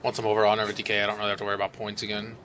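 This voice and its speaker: A man's voice: on the low side, monotone, racing, a bit bright, a little hiss or hum. A man streaming a co-op game, chatting casually and rambling with lots of fillers. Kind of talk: casual gameplay chat. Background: game music.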